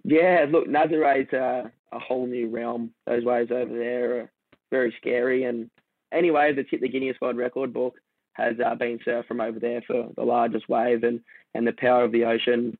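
A laid-back Australian man tells his story in a flat, gravelly voice, rambling and restarting as he goes. He comes through a tinny, phone-like line with a dry sound. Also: medium pitch, normal speed, no echo. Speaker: guest surfer. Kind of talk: casual storytelling conversation.

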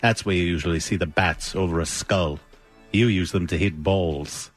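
A pompous British sports reporter grills his guests with mock disdain, as a man puts him on for laughs. The voice sits fairly low and the British accent is laid on thick. A faint music bed runs behind him. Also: moderate pace. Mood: haughty. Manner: mocking, haughty questioning. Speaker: radio co-host.

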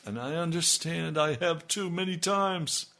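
A man preaching an impassioned radio sermon as pastor, swinging between loud emphasis and hushed, intimate lines. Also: a little high, a little slow, creaky.

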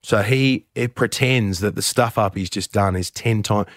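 A middle-aged man recounts his own mishaps with a candid, self-deprecating ease. His voice sits low, and the dry close-mic sound leaves no room around it. He picks up energy as the story turns funny. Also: normal speed, no room sound. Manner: candid, self-deprecating, animated when telling anecdotes. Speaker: radio host, interview guest. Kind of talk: conversational storytelling.

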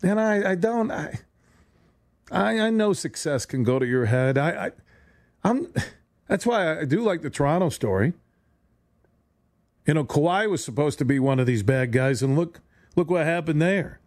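A man's voice: on the high side, expressive, normal speed, pauses often, darkish tone, no echo. A man hosting a sports radio show, talking in a rambling, sarcastic monologue with stumbling restarts, recorded on a studio microphone. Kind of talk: solo sports talk monologue.

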